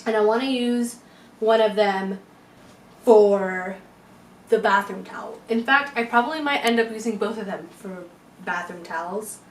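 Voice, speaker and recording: Out of breath, a woman talks to camera as a lifestyle vlogger from a room in her home, rambling casually and tossing in playful asides. Her mid-range voice moves at a measured pace, recorded from a distance in an echoey room with faint music playing.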